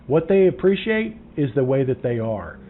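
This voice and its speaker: Emphatic sales trainer, tinny sound. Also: male voice, very animated, moderate pace. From Southern United States. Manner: emphatic, drops to a low hush for key points. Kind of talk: casual teaching monologue. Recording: tinny phone-like sound with faint noise.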